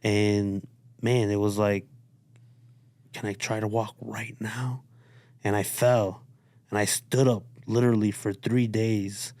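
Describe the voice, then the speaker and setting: A man's voice: lowish voice, flat delivery, slow, pauses often, a little mellow, no room sound. A man from Chicago, a guest on a podcast, telling his story in a laid-back, profane way and quoting what others said. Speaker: guest artist. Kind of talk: casual interview talk. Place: studio.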